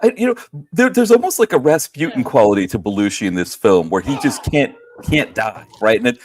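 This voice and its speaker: A man's voice: mid-range voice, sing-song, fairly quick, a little mellow. A middle-aged man co-hosting a casual movie chat, rambling and agreeable, full of fillers. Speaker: co-host.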